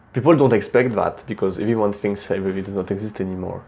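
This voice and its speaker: A young man with a French accent giving casual speaking tips, plain-spoken and relaxed, often restarting words. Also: fairly low pitch, fast talker, creaky, hardly any pauses. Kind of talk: casual instructional talk.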